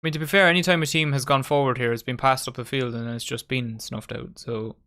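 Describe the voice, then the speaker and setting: A man hosts a live match watchalong at a medium pitch. He calls the play in a casual, chatty way and banters with his mates and viewers as the game unfolds. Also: steady tone, fast, sharp tone. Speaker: watchalong host.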